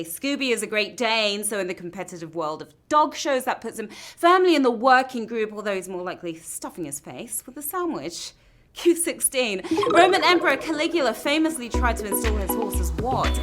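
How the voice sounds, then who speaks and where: A woman hosts a live trivia game show in a playful, upbeat way, full of puns. Her voice sits a little high. Game show music plays clearly behind her, and the sound was captured from a phone.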